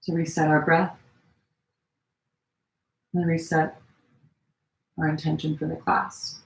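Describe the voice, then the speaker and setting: A woman leads a gentle yoga flow in an echoey room at home, her voice sitting low. Her cues are relaxed and chatty, full of little fillers. She demonstrates each pose as she talks, and sounds a touch strained while holding them. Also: slow, creaky. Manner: demonstrating poses while talking. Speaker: yoga teacher. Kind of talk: live-streamed yoga class instruction.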